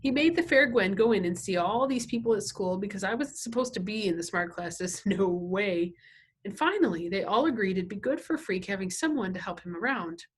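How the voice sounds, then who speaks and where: A woman's voice: medium pitch, animated, fairly quick, slightly rough. A woman teacher at home reading a novel aloud, with casual asides that check in with her listeners.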